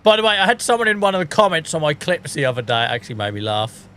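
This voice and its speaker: Rapid-fire and very animated, a British man rants and chats while streaming a game, laughing often at his own humor. His slightly high voice is bright with a forceful tone.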